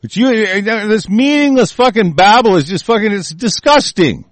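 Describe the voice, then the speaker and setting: A man's voice: high-pitched, lively intonation, moderate pace, no room sound. A man from the United States in an angry, profane political rant, full of threats. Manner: furious, profane, shouting threats.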